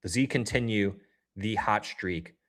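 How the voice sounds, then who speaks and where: Upbeat and talkative, this livestream host offers casual commentary as he watches a game live, reacting loudly to plays and talking right to his chat. His voice is on the low side and unhurried.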